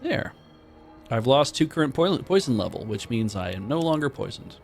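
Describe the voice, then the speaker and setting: A man streaming a modded game, reading the game text aloud in casual commentary and breaking into loud, surprised swearing. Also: medium pitch, very animated, normal speed, creaky, soft background music.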